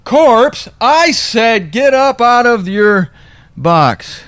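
A man voicing an overzealous man who commands a corpse to rise, in strained, pleading shouts. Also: very high voice, big pitch swings, extremely slow, dry recording, pitched above the performer's own voice, full character voice. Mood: commanding.

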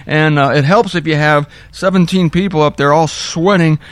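A man's voice: on the high side, steady tone, moderate pace, slight background noise. Wry man teaching from scripture. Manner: wry, chatty asides between readings. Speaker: Bible teacher.

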